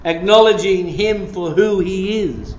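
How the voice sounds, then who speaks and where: Male pastor, high voice, emphatic blunt sermon, roomy church room. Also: a little slow. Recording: roomy room, faint guitar.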